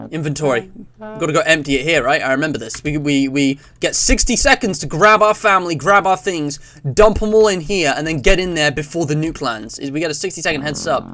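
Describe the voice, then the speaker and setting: A man's voice: fairly high pitch, a little fast, pushed and bright, slight background noise. A man giving casual, rambling let's-play commentary, reading on-screen text aloud as he plays. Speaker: gaming YouTuber.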